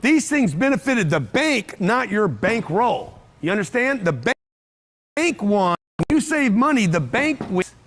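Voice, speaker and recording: In an event room, a man with a high-pitched voice works a live crowd the way a motivational seminar speaker would, brash, punchy, and pounding on repeated phrases. He sounds sing-song and unhurried, with a fairly bright tone.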